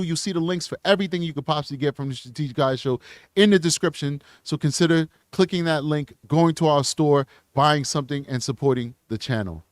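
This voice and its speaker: A man's voice: a little high, fairly quick, dry recording, clean studio sound. A male host of a live true crime show, earnest and emotional, repeating himself and restarting phrases as he signs off. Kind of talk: live stream sign-off and channel pitch.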